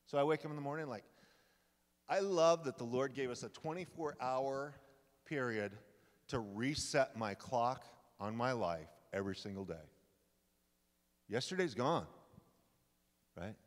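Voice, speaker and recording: A man's voice: mid-range voice, a little slow, long pauses. Guy preaching at a men's conference, acts out the quotes, big echoey hall. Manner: animated storytelling, acting out quoted lines. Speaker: pastor. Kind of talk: sermon. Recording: live hall with long reverb.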